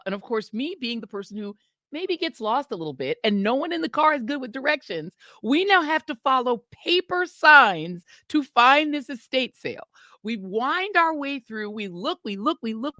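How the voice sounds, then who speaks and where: A woman co-hosting a podcast, telling a story in an animated, laughing way. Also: a little high, no room sound, clean studio sound. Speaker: podcast co-host. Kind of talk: casual storytelling chat.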